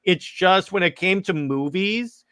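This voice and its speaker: A man co-hosting a podcast, talking excitedly in casual chat, rambling with lots of restarts and stammers. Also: sits high, a little slow, clear, resonant tone. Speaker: podcast co-host.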